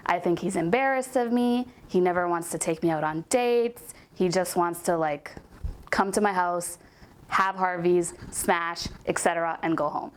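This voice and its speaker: A woman's voice: on the low side, moderate pace, slight background noise, lightly acted. A woman voicing a whiny, jealous young woman coworker with a complaining, plaintive tone while telling a story. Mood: self-pitying.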